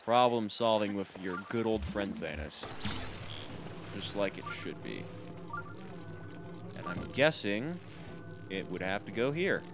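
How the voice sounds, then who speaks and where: A man's voice: lowish voice, big pitch swings, takes it slowly, long pauses. A man hosting a video game let's play, rambling casually and joking at his own expense while talking to his viewers. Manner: rambling, self-deprecating, talks to viewers. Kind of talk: casual gameplay commentary. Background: game music.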